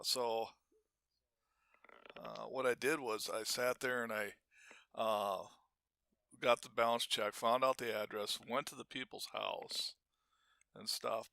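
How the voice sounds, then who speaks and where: A man's voice: mid-range voice, creaky, bright, forceful tone, no echo, studio quality. An older man co-hosting a podcast, telling work stories in a folksy, easygoing way with chuckles between remarks. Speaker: podcast co-host.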